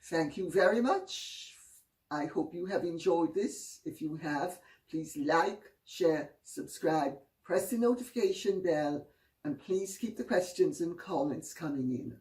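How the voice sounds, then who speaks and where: Slow, wry woman telling a story. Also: lowish voice, lively intonation, a little mellow. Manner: gossipy, wry, drawn-out phrasing. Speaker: host. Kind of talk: casual storytelling commentary. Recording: roomy, distant mic.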